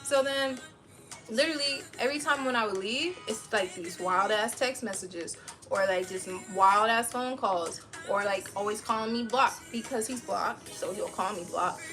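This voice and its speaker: A young adult woman telling a heated personal story in casual livestream chat, profane and animated, acting out what people said. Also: on the high side, normal speed, faint music behind. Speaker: livestream host.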